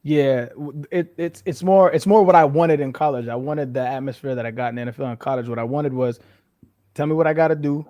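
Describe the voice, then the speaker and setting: A man in his thirties talks as an interview guest, frank and animated, and he swears freely. His voice sits at a middle pitch. The sound is dry and close to the mic. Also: fairly quick, hardly any pauses, no echo. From New Mexico, US. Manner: frank, profane, animated storytelling. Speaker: interview guest, former football player. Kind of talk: casual interview chat.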